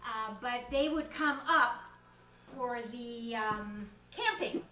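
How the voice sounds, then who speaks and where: A woman's voice: a little high, takes it slowly, crowd noise. A woman in her sixties hosting a home ukulele jam, chatty, laughing easily as she introduces songs and teaches a strum. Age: 60s. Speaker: host and song leader. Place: home kitchen. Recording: roomy kitchen, distant mic.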